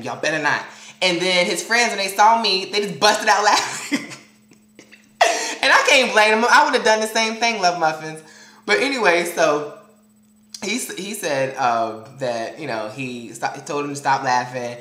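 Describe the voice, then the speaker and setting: Sassy storytelling man, echoey room. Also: high voice. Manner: animated, dramatic and sassy storytelling. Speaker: vlogger addressing viewers. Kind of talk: casual storytelling vlog.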